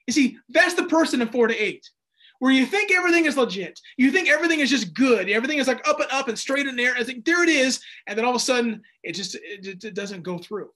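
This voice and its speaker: A man's voice: very high voice, fast talker. A man preaching a sermon, telling personal stories animatedly and acting out his own dialogue. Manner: animated storyteller, acts out dialogue in raised voice. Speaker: pastor.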